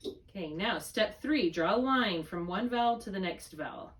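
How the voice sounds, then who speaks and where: A woman works with one student as a reading tutor, patiently laying out spelling rules step by step and checking often that they make sense. She speaks at normal speed in an animated, medium-pitched voice, far from the mic.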